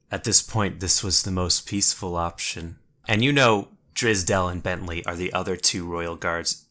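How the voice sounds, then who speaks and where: Slow, low-voiced man narrating as game master. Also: bright, forceful tone. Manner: slow, measured storytelling with in-character quotes.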